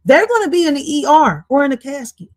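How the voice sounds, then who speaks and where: A woman's voice: high-pitched, sing-song, fast talker, no room sound. Blunt, scolding woman reacting on stream. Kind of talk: casual reaction commentary.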